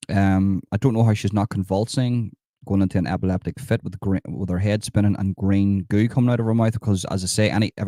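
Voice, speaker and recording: A man riffs sarcastically over clips, praising what he mocks in a low voice. He leaps from calm asides to excitable outbursts. The sound is dry and close. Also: no echo. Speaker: satirical commentator.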